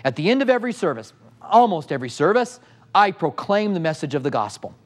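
A man's voice: a little high, big pitch swings, fast. A middle-aged male pastor teaching a sermon with passion, firing off rhetorical questions at the congregation.

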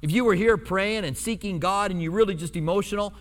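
This pastor's voice is high and brisk as he preaches in a church. His sermon is full of humorous stories and acted-out quotes, delivered in an animated storytelling style with long hall reverb on the recording.

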